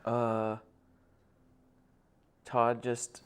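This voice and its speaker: A man playing a tabletop game, excitable and laughing often. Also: mid-range voice, very slow, clear, resonant tone. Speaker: player.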